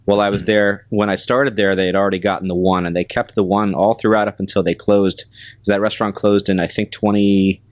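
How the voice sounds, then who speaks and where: A man, a restaurant general manager, talking through his career as a guest in a casual interview, pausing often and restarting his sentences. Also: fairly low pitch, steady tone, no echo. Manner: measured, halting with many fillers and restarts.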